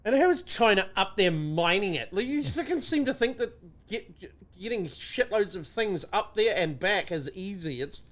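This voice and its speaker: A man's voice: high voice, sing-song, moderate pace, fairly bright tone. A man co-hosting a podcast, ranting sarcastically and swearing freely in casual banter. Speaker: podcast co-host.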